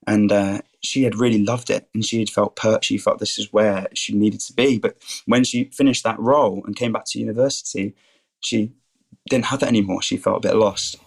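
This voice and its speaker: A man's voice: lowish voice, steady tone, fairly quick, vocal fry. A 21-year-old man, a guest on a podcast, eagerly telling faith stories and keeps calling things awesome. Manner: enthusiastic, keeps saying things are awesome. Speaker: podcast guest, student and rugby player.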